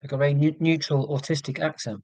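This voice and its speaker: A man's voice: fairly high pitch, little pitch movement, fast talker, a little mellow, no room sound, rough recording. A man with an English received pronunciation accent, hosting a casual livestream and chatting with viewers, with frequent ums. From England. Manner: chatty, reads and answers live chat, many ums. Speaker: livestream host. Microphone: computer mic.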